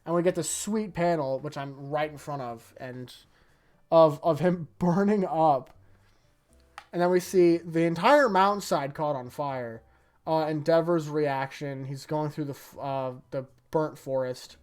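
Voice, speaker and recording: A YouTuber giving a casual, rambling review of a manga chapter, chatty and quick to laugh. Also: mid-range voice, a little mellow.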